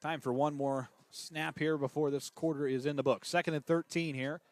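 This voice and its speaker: A man calling high school football play-by-play who gets excitable and climbs in pitch on big plays. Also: normal speed, no echo. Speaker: play-by-play announcer.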